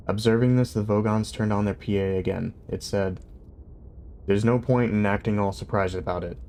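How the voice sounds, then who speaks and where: A young man reads a novel aloud on his livestream, then drifts into easygoing chatter with his viewers. His voice sits fairly low and relaxed, and he laughs easily. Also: moderate pace, slight background noise. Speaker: streamer reading a book aloud. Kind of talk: casual reading aloud on a livestream.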